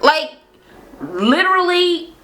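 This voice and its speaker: A woman's voice: very high-pitched, slow. A woman recapping a reality show on her channel, blunt and heavy on profanity, acting out what people said. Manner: animated storyteller acting out quotes. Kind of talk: casual recap rant.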